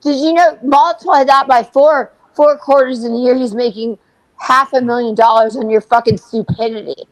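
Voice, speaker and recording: A woman's voice: on the high side, steady tone, moderate pace, no echo, rough recording. A woman co-hosting a livestream, ranting furiously and swearing constantly. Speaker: co-host. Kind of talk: livestream commentary.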